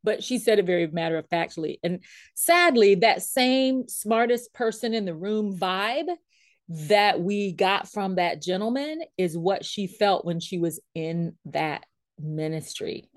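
An animated woman coach tells a story in a lively, expressive way, laughing often. She speaks at an ordinary pitch and is recorded dry and close, with almost no room sound. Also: unhurried, no echo. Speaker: leadership coach, consultant and trainer.

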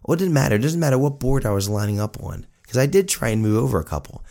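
A man in his forties hosting a solo podcast, telling a story in an animated, self-mocking way. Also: medium pitch, fast, gravelly. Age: 40s. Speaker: podcast host.

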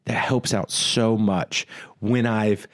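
A man's voice: fairly low pitch, fairly even intonation. A married man co-hosting a casual talk about marriage, speaking earnestly and often restarting his sentences. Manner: earnest, halting, many restarts. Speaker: podcast co-host. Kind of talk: casual marriage advice chat.

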